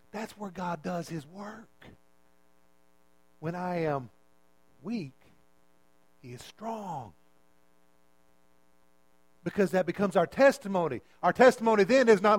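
A man's voice: sits high, lively intonation, a little slow, pauses often, no echo, poor audio. A man preaching a sermon as pastor, emphatic and repeating his phrases as he calls out to the congregation.

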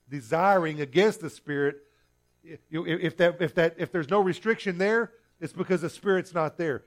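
A man's voice: on the high side, fairly quick, faint music behind. A male pastor preaching a sermon earnestly, often restarting and repeating himself.

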